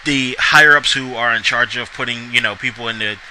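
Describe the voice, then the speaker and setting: A man talks through a wrestling recap in a loose, meandering way, often stopping to restart a thought or add an aside. His voice is strikingly bright and sharp, and his pitch sits in the middle range for a man. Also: a little fast, a little hiss or hum, low-quality recording. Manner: rambling, many fillers and restarts. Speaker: wrestling show reviewer.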